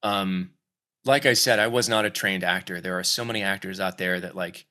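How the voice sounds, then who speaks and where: Bright-voiced man in casual chat. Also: deep voice, moderate pace. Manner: animated, acts out quoted voices. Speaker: voice actor guest; acting coach.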